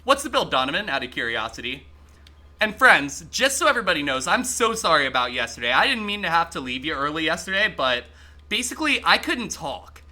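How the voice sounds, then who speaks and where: A man streaming a game live, chatting excitably with his viewers and swearing freely as he plays. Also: a little high, fairly quick. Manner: talks to chat while playing. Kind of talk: casual live-stream gaming commentary.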